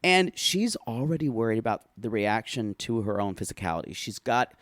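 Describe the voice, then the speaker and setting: A man co-hosting a podcast, casually chatting and recapping a reality show with animated, dramatic storytelling. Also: on the low side, fairly quick, no room sound. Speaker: podcast co-host.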